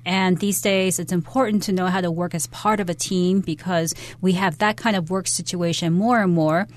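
A woman co-hosting an English lesson, explaining word meanings in a measured, careful way. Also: lowish voice, fairly even intonation. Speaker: English teacher on a radio lesson. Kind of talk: explaining vocabulary and dialogue.

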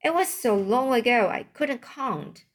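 Woman reader voicing a slow, earnest old giant, storybook read-aloud. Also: fairly high pitch, lively intonation, voice pushed up. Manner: halting read-aloud, stumbles over words. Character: huge old kindly male giant, muddled speech.

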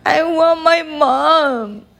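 A woman's voice: very high voice, gravelly, voice pushed up, full character voice. A woman voicing a clingy, whiny little girl princess in a storybook reading, drawing out her wails. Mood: wailing. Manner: drawn-out wailing.

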